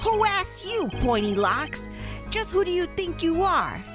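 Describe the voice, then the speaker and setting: A swaggering, slang-heavy young street gangster, as a woman puts him on with a high, bouncy voice. He talks tough and clumsy. Game music plays clearly behind him. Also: big pitch swings, a little slow, full character voice. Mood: defiant. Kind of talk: reading game dialogue aloud.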